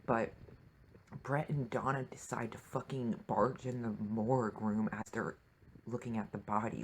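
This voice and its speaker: A man's voice: medium pitch, little pitch movement, a little slow, slight background noise, poor audio. Emotional, swearing man reacting to a TV episode. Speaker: TV reaction vlogger.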